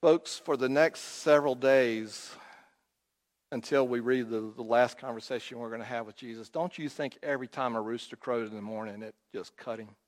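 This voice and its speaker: A man preaching a sermon, telling the story dramatically and swinging from loud to quiet. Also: mid-range voice, normal speed. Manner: storytelling, acts out quotes, rises and drops in volume. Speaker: pastor. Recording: long hall reverb.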